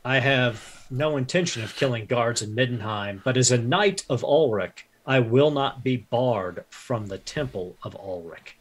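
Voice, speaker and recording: A man's voice: medium pitch, unhurried, few pauses, natural voice. Man as stern knight-priest, commanding, declamatory. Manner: formal, declamatory speech.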